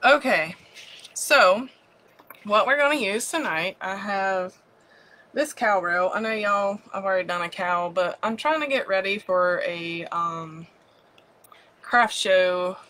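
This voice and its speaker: A woman from Virginia, hosting a craft livestream in a chatty, bubbly way, her voice leaping high on greetings. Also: pushed and bright. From West Virginia. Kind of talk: casual live-stream chat.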